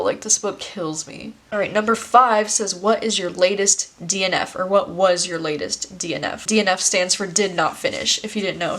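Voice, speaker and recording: A woman's voice: on the low side, fairly bright tone. A woman in her twenties chatting casually to camera about books, full of "like" fillers and casual swearing. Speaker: book video creator. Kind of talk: casual chat.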